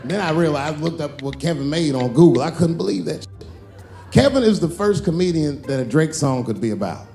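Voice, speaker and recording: Profane, lively stand-up comic man. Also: on the high side, brisk, gravelly, reverberant, faint music behind. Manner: profane, animated, acts out characters. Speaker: stand-up comedian. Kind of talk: stand-up storytelling.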